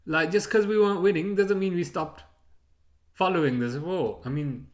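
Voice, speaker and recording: A man's voice: high-pitched, moderate pace. A man hosting a live football watchalong, chatting casually, rambling and chuckling as he reads out chat messages.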